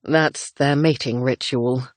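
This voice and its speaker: A woman voicing a calm young gentleman in a romance audiobook, slow and soft-spoken. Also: a bass voice, no echo, pitched below the performer's own voice. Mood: explaining.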